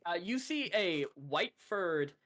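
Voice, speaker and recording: A man runs a tabletop game with a playful, bright voice. His pitch swings widely as he narrates. He sounds like he is speaking into a desk mic on voice chat. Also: lively intonation, a little slow. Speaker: game master.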